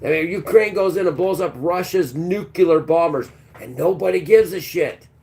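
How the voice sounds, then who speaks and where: A man's voice: fairly high pitch, moderate pace, vocal fry, darkish tone. A man hosting a live stream who rambles in a crude, sarcastic rant with many restarts. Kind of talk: ranting live-stream talk.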